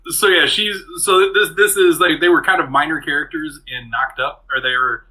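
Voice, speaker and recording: Man, podcast co-host, very bright but husky voice, relaxed, hesitant chat. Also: a little high, normal speed, rough recording. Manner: relaxed, hesitant, many fillers. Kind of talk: casual chat.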